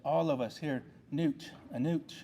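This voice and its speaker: A man's voice: on the high side, measured pace, dark tone, slight background noise. A man serving on a tribal council, giving an earnest ceremony speech with a repetitive, rallying delivery.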